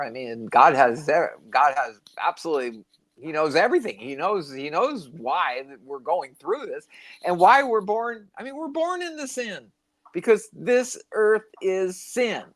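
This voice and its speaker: Rambling older man with a lively voice. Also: on the high side, moderate pace. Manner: rambling storyteller, loses his train of thought. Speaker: podcast co-host. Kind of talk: casual spiritual chat.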